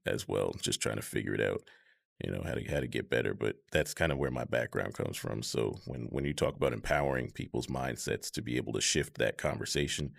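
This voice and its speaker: A man in his thirties in a casual conversation, talking in a measured, reflective way with many fillers. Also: rumbling low, vocal fry. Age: 30s.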